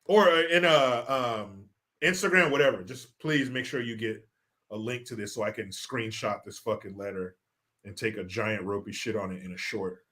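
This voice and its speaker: A man's voice: on the low side, normal speed, bright, forceful tone. A man hosting a casual political talk show, exasperated and mocking, swearing freely as he reacts. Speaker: show host. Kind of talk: profane casual political commentary.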